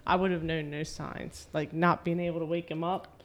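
A middle-aged woman hosting a podcast, talking in a steady, sincere, plain-spoken way. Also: low-pitched, moderate pace, lo-fi sound. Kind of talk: casual conversation.

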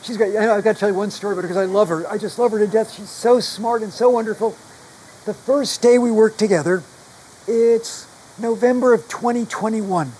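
A man with a high, fairly level voice speaks rather quickly, his tone on the dark side. Long covid has damaged his voice, and as a guest author he tells stories in a chatty, self-deprecating way during a live conversation. The recording is rough, with a little hiss or hum.

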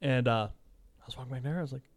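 A man's voice: medium pitch, rapid-fire, dry recording, studio quality. Laid-back man telling a story. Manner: relaxed, laughing storytelling. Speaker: podcast host. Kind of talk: casual chat.

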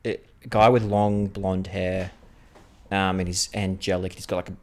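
A man's voice: low-pitched, flat delivery, a little slow. A man co-hosting a podcast, improvising a comedic story for his co-host, rambling and laughing often.

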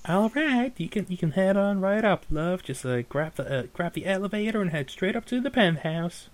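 A man's voice: sits high, lively intonation, a little fast, voice pushed up. A man voicing a hassled, bored elf receptionist woman who talks curtly and dismissively. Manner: curt, dismissive, mock-polite.

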